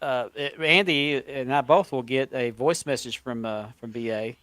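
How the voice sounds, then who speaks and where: A man's voice: mid-range voice, moderate pace, a bit bright, dry recording. A man hosting a podcast in easygoing, casual chat. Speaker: podcast host.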